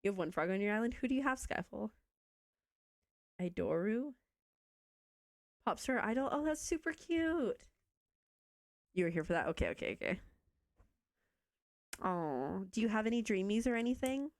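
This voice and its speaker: A young woman chatting casually with viewers while she plays a video game, bubbly and self-teasing. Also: medium pitch. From Canada. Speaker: streamer. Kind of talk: casual live-stream chat while playing a video game.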